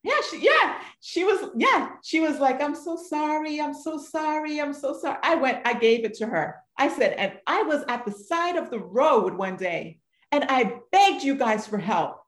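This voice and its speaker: Animated woman telling a story in an echoey room. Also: high voice, measured pace. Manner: animated storyteller who acts out both sides of a conversation. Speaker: guest, mother of a son with special needs. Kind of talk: storytelling in a podcast interview.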